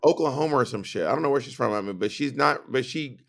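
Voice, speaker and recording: A man's voice: mid-range voice, lively intonation, fast, vocal fry, a bit bright. Sassy, emphatic man recapping a show. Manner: explains plots at length, emphatic, sassy. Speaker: podcast co-host. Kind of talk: casual recap chat.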